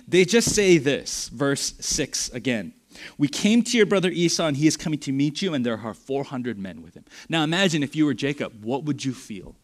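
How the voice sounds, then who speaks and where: A young man preaching to a youth group, his voice a bit high and swinging widely between loud, eager peaks and quiet, low lines. He plays out the quoted characters and asks his listeners questions as he tells the story. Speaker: youth pastor. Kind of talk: sermon.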